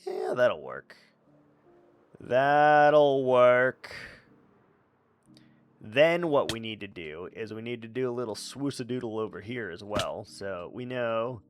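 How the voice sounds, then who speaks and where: A man's voice: on the low side, measured pace, soft background music. A man streaming a game, chatting casually with silly, playful asides and mutters. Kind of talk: casual gameplay commentary.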